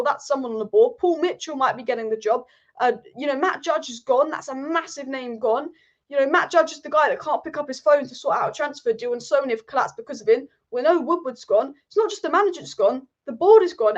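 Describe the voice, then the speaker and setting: Fast-talking passionate woman football host. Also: sits high. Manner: passionate, ranting, repetitive. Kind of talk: live-stream fan commentary. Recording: dull lo-fi stream audio.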